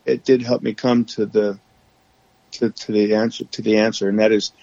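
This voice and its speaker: Gravelly low man, halting and candid. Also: little pitch movement, a little mellow, no echo, dull audio. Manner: halting, with frequent restarts and fillers. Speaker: podcast guest. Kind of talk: candid conversational storytelling.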